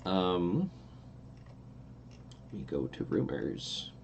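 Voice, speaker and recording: A very deep-voiced man narrates a tabletop game as its game master. He rambles comfortably through the scene with plenty of fillers, and a faint hum of the room sits under his voice. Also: very slow, vocal fry, highs cut off. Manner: relaxed and meandering, with many fillers.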